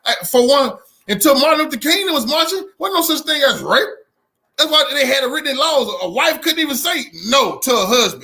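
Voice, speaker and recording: Brief: man, very high bright voice, impassioned preaching commentary, repetitive and loud at times. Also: animated, fairly quick. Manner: fiery, preachy, repeats himself, shouts at times. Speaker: commentator reacting to a speech.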